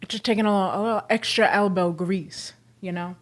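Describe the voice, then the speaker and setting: A woman's voice: medium pitch, fairly even intonation, fairly quick. A woman livestreaming casually, chatting with viewers in a slangy, friendly way while she works, laughing often. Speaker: livestreamer selling clothes online. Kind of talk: casual chat while working.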